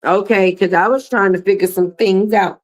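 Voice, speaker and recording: A woman's voice: mid-range voice, steady tone, moderate pace. A middle-aged woman hosting a livestream, talking in a blunt, profane, sassy way as she comments and chats with viewers. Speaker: livestream host.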